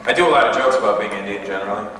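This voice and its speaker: A young man from Canada performing an animated stand-up set, acting out voices and characters. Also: lowish voice, rapid-fire. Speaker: stand-up comedian. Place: large indoor hall with audience. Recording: echoey hall, far from mic, noisy old tape.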